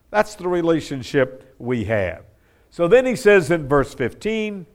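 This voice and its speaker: A middle-aged male pastor preaching an expository sermon, acting out the verses he quotes with lively emphasis. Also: fairly high pitch, unhurried.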